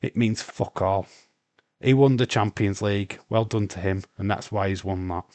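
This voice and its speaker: A man's voice: on the low side, normal speed, a little mellow, no echo. A man with a Yorkshire accent hosting a casual live watch-along stream, swearing freely, reading chat messages aloud and rambling with restarts. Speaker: livestream host.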